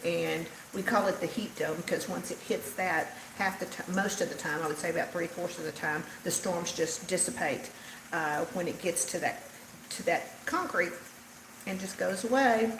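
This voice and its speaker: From her home kitchen in Texas, an older woman with a Southern drawl cooks and chats on a casual livestream, answering what viewers write. Her voice is on the low side at a moderate pace, in an echoey room with background noise.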